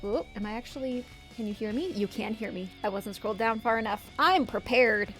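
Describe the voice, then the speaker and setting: A woman's voice: on the high side, fairly quick, a bit bright. A woman streaming a video game with chatty, giggly, self-mocking casual commentary. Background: faint background music.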